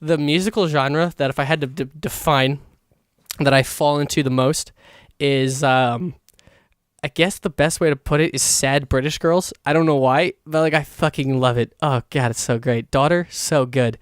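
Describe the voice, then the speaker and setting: A young man hosting a solo podcast, rambling excitedly in a casual monologue and swearing a lot. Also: a little high, normal speed, smooth, no echo, studio quality. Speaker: podcast host.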